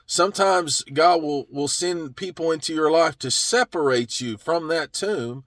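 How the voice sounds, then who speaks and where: A man preaching a sermon, telling the story slowly and earnestly and sometimes dropping to a soft, hushed voice. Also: fairly high pitch, no room sound. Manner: slow, earnest storytelling with drops to a soft hush.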